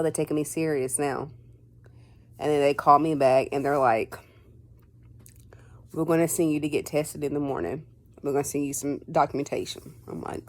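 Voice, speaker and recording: A woman vlogger telling a personal story in a casual, rambling way. She fills her talk with "like" and "um" and acts out conversations in quotes. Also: low voice. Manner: rambling, heavy on fillers like "like" and "um".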